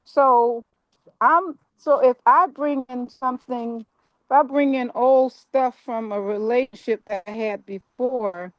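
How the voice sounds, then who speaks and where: A woman's voice: a little high, fairly even intonation, takes it slowly, no echo, lo-fi sound. A woman in a casual group discussion, speaking politely and a little hesitantly as she works through her thought.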